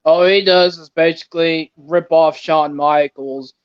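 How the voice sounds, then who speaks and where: A man's voice: on the high side, steady tone, unhurried, clear, resonant tone. A man chatting casually as a co-host, mostly giving short agreeing replies. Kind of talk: casual chat. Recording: dull lo-fi audio.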